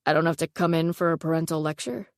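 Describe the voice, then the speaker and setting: A smug teenage boy next door, all dry mocking banter, sits a little low in his voice, as a woman reads him. He needles the girl beside him with a deadpan tease. The reading is dry and close, with no room around it. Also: fast talker, no echo. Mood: teasing.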